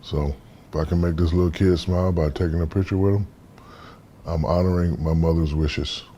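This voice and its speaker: A man in his fifties from the United States, an interview guest telling stories in a relaxed, casual way and acting out the voices in them. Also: low-pitched, moderate pace, slight background noise. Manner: relaxed storyteller, acts out quoted dialogue.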